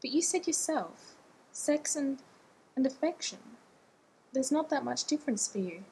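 A woman's voice: high-pitched, expressive, measured pace, mellow, a little hiss or hum, voice pushed up, poor audio. A woman voicing a frantic, rambling young man. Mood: anxious. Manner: frantic, self-deprecating pleading. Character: anxious, rambling adult man.

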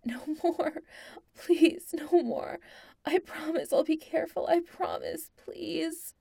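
A woman voicing a young man who pleads in breathy, whispered lines. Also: lowish voice, flat delivery, extremely slow, mellow, no echo, studio quality, exaggerated voice. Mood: begging. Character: young man being punished, begging.

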